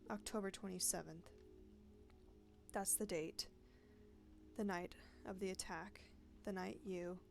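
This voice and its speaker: A bitter female sub-editor with a grudge, cold and pedantic as she lays out her accusation, as a woman reads her lines. The voice has a gravelly fry at its edges. Game music plays clearly underneath. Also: medium pitch, steady tone, measured pace, long pauses, a little mellow. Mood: menacing.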